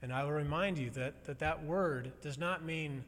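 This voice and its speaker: A man preaching a sermon to a congregation, earnest and building to loud emphasis. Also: a little high, normal speed. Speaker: pastor. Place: church sanctuary. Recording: long reverb of a large hall.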